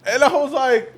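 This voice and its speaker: A man's voice: high voice, background noise. A young man on a podcast, telling a story in casual chat, swearing and acting out the voices of the people in it. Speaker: podcast co-host.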